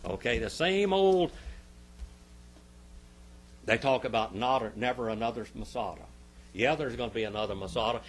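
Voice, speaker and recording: A man teaching a church Sunday school class. He swings between loud, emphatic bursts and quiet asides, and repeats phrases for emphasis. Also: lowish voice, animated, normal speed, long pauses.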